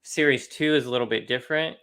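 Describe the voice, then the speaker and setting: A man's voice: medium pitch, fast talker, bright, forceful tone, smooth. A young man co-hosting a casual, chatty talk about trading cards, laughing often. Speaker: co-host of a card collecting show. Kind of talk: casual chat.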